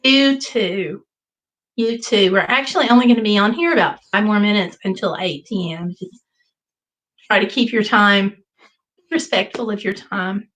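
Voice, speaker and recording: A woman's voice: medium pitch, normal speed, a bit bright, poor audio. A middle-aged woman hosting a casual livestream chat, reading viewer comments aloud and telling corny jokes in a playful, chatty way. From United States. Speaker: livestream host.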